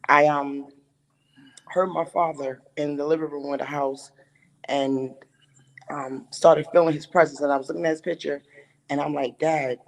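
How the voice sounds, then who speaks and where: A woman who is a music manager, a guest on a talk show, telling her story in a lively way. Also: low voice, rough recording. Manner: animated storytelling, quoting others.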